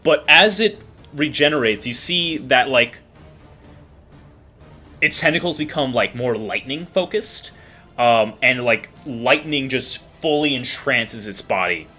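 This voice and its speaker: Lively game master narrating. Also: male voice, mid-range voice, faint music behind. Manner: animated, halting narration with many fillers.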